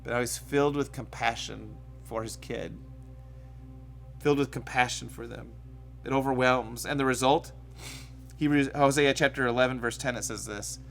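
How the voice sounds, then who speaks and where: A man preaching a sermon in a conversational way, sometimes acting out quoted voices with sudden loud bursts. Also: mid-range voice, fairly even intonation, moderate pace, long pauses, soft background music. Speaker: pastor. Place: church stage.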